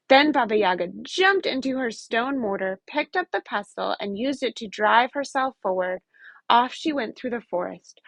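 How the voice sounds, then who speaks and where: A woman reads a folk tale aloud with lively, expressive storytelling. Her voice sits a little high and is recorded close and dry. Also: normal speed, dry recording.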